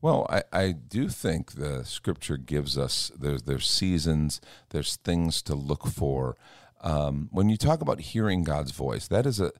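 Deep-voiced pastor telling earnest stories. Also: male voice, unhurried, no room sound, studio quality. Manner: earnest, animated storytelling with acted-out quotes. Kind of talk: casual chat. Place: church.

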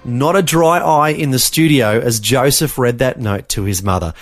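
A man's voice: medium pitch, normal speed. A man presenting a radio show, reading a scripted wrap-up with reflective summaries. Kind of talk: scripted closing narration.

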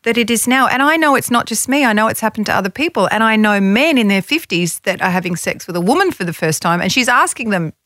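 A woman's voice: on the high side, lively intonation, fast, hardly any pauses, fairly bright tone, dry recording, clean studio sound. A woman hosting a podcast, chatting candidly and bluntly about her own experiences. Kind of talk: casual podcast conversation.

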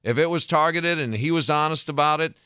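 A man's voice: fairly high pitch, a little fast, bright, forceful tone, smooth, no echo, clean studio sound. A man hosting a casual podcast chat, talking in a laid-back, rambling way with restarts. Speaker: podcast host.

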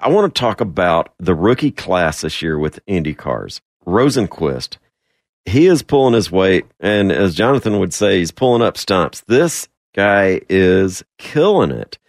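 Deep-voiced joking sports radio co-host. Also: male voice, big pitch swings, measured pace, dry recording, studio quality. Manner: joking, opinionated commentary. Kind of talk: casual sports radio chat.

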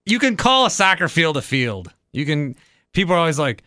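A man's voice: on the high side, very animated, bright, forceful tone, dry recording, clean studio sound. A man from Wisconsin hosting a casual podcast chat, wisecracking and poking fun at himself. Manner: wisecracking and self-mocking, quick asides. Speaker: podcast host.

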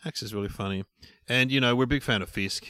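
A middle-aged man co-hosting a podcast in relaxed, joking chat about snacks and shows. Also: medium pitch, fast talker, clean tone, no echo, clean studio sound. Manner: relaxed, laughing banter. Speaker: podcast co-host. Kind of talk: casual chat.

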